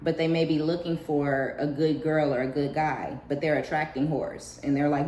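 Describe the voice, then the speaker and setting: A woman giving a casual spiritual reading, profane and animated, slipping into high mocking voices with laughter. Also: moderate pace, roomy sound. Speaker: tarot reader.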